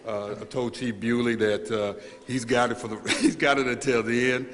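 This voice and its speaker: A man speaking as a newly named police chief at a press conference, halting and earnest, repeating words and choked up with emotion. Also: mid-range voice, steady tone, a bit bright. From United States. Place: large hall at a press event. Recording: reverberant hall, faint room noise.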